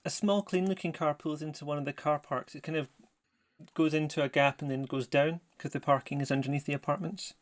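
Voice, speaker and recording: A man's voice: a little high, steady tone, brisk. A man narrating a tabletop game as game master, chatty and prone to asides. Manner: chatty, self-correcting, apologetic asides.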